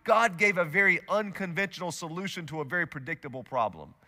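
A male pastor with a fairly high, forceful voice preaches a sermon in a church auditorium. He tells the story with energy and acts out the quotes in it. His voice carries a long reverb from the large hall. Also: fast talker. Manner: lively storytelling with acted-out quotes.

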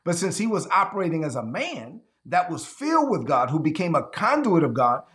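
A man's voice: fairly high pitch, very animated, a little fast, a bit bright. Earnest man preaching an online sermon. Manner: repeats phrases and asks listeners to say lines aloud. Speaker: pastor.

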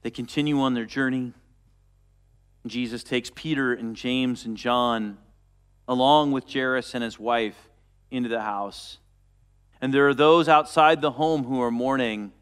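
A man preaching a sermon, retelling a story and dropping to a soft, quiet voice for quoted words. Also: mid-range voice, steady tone, a little slow, clean tone. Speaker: pastor.

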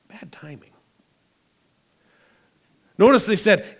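A male pastor preaching a sermon, emphatic and dramatic, swinging between loud declarations and quiet asides. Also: medium pitch, lively intonation, slow, long pauses.

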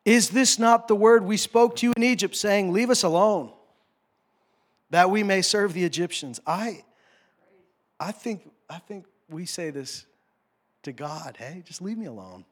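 A man from North America preaching a sermon, with impassioned swings from hushed asides to shouted commands and low mocking voices for quoted complaints. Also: measured pace. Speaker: pastor.

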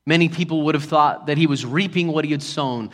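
A man preaching to his congregation in a high, ringing voice, carried by the long reverb of a large hall. His delivery swings from loud, emphatic passages down to near whispers. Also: a little fast. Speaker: pastor. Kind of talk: sermon.

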